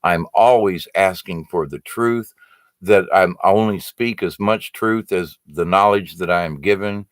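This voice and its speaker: A man's voice: low voice, unhurried, no echo. A man hosting a casual spiritual livestream, reading out viewer comments and talking them through in an earnest, rambling way full of fillers and restarts.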